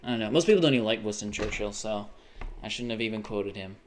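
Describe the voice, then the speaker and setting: A young man chatting casually on a live stream. He rambles, swears often and bursts into sudden excited exclamations. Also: fairly low pitch, fast talker, a little hiss or hum. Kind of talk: casual livestream chat.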